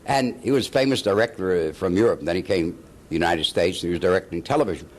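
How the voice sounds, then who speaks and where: An older man, a veteran actor being interviewed, telling stories in an animated way, chuckling and acting out the people he quotes. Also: sits low, fast talker. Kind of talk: anecdotal storytelling.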